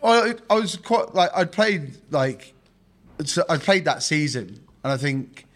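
A man's voice: a little high, expressive, a little slow. A man, a former rugby player, casually telling a story on a podcast, acting out the quoted lines and laughing. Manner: acts out quoted dialogue, laughing.

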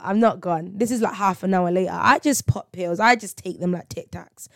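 A young woman chats on her podcast in an animated, storytelling way, often breaking into laughter. Her voice sits at an ordinary middle pitch. It is recorded dry and close, with no room sound. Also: dry recording. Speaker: podcast host. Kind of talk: casual faith podcast chat.

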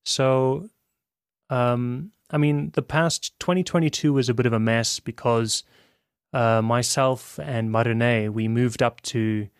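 A young South African man, a band frontman, chatting on a podcast in a calm, very relaxed way. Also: medium pitch, slow pace, clean tone, dry recording, clean studio sound. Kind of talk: casual podcast chat.

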